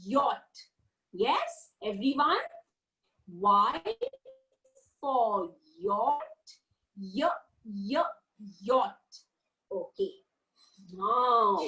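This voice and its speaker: A woman's voice: high voice, rough recording. A woman teaching a lesson to young children, drawing out sounds in a sing-song, coaxing way. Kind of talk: online kindergarten lesson.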